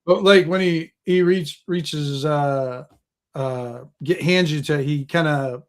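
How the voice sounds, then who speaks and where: A man running a tabletop game, describing the scene in a relaxed, rambling way. He talks slowly, with plenty of fillers along the way. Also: on the high side. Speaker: game master.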